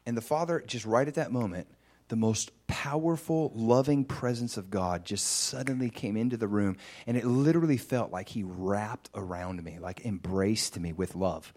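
A man preaching a sermon, telling a personal testimony in an animated storytelling way, with sudden high, excited bursts. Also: moderate pace.

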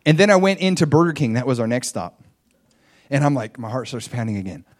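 A man's voice: medium pitch, brisk. A middle-aged man preaching a sermon, telling a personal story and acting out his own thoughts with energy.

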